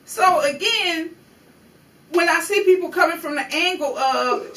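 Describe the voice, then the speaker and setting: A woman vlogger with a high, bright, forceful voice and lively intonation rants emotionally at a moderate pace about a news story, drawing on her own life. Her commentary is profane and confrontational. She sits far from the mic in a roomy, echoing space with slight background noise.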